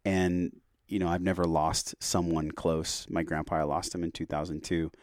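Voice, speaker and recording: A man's voice: deep voice, level tone, moderate pace, darkish tone, no echo, clean studio sound. A man speaking as a podcast guest, telling a personal story in an earnest, heartfelt, reflective way.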